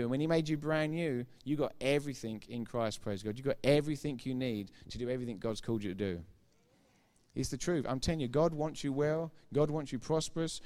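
A man's voice: fairly high pitch, darkish tone. A middle-aged man preaching a sermon, emphatic and informal, repeating key phrases for effect and throwing chatty asides to the congregation. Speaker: pastor.

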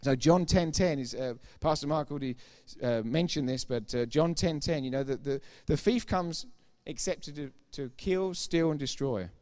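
A man's voice: a little high, normal speed, hardly any pauses, a little mellow. A middle-aged man preaching a sermon, emphatic and informal, repeating key phrases for effect and throwing chatty asides to the congregation. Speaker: pastor.

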